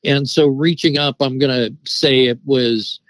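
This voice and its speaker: A man's voice: mid-range voice, steady tone, a little slow, no room sound, rough recording. Middle-aged man telling a rambling story. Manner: rambling, with many restarts and "you know" fillers. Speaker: guest telling an encounter story. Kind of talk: casual storytelling.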